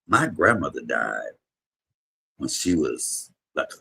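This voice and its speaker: A man in his fifties, a comedian streaming a casual chat and telling emotional, rambling stories with sudden loud bursts. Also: a bass voice, sing-song, slow pace, vocal fry, breathy edge. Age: 50s. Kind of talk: casual livestream chat and storytelling.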